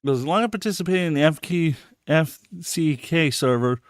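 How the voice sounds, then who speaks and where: Guy ranting on his podcast, swears a lot, smooth clear voice, dry close mic. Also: on the high side, brisk, no echo. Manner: profane, heated, rambling. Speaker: podcast host. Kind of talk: casual live podcast chat.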